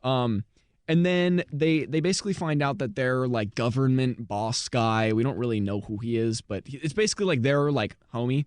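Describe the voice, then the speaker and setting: A man's voice: mid-range voice, moderate pace, clear, resonant tone, no room sound. A man co-hosting a casual chat, retelling a movie plot with lots of fillers. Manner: rambling with fillers and laughs. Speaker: podcast co-host.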